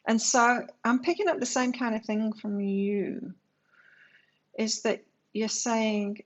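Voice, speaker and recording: A woman's voice: a little high, steady tone, slow pace, dull audio. A woman giving a casual, chatty tarot reading to camera, musing aloud and telling stories. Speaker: tarot reader.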